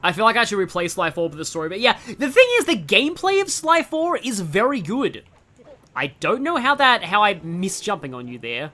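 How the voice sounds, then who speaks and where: A young Australian streamer talks through a game in a bright, lively voice, bouncing up and down in pitch. They ramble eagerly, trail off and start again, keeping the talk loose and casual. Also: brisk. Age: 20s. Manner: chatty and enthusiastic, trails off and restarts a lot.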